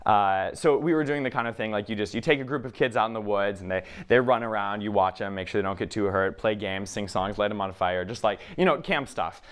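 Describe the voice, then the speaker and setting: A young man from Minnesota performing a stand-up comedy set, telling a self-deprecating story with halting pauses and many fillers. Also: lowish voice, clear, resonant tone. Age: young adult.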